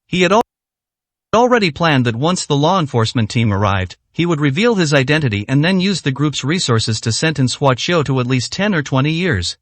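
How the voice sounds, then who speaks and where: A man narrating a story in an audiobook with expressive delivery. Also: a little high, brisk, no echo. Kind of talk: scripted narration.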